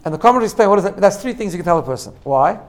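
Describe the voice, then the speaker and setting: In a high-pitched, expressive, rapid-fire voice, a male teacher explains self-growth step by step. "Right?" comes up often, along with phrases he repeats.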